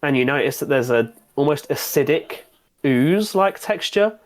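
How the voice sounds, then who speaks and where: A man's voice: fairly high pitch, lively intonation, normal speed. Man narrating a tabletop game. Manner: loose, rambling narration with restarts and fillers. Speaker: game master.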